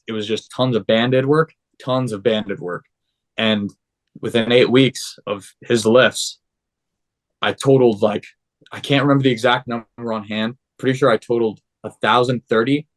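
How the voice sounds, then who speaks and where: Young man telling his training story. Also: mid-range voice. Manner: animated, acts out quoted dialogue. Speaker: podcast guest. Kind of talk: casual storytelling.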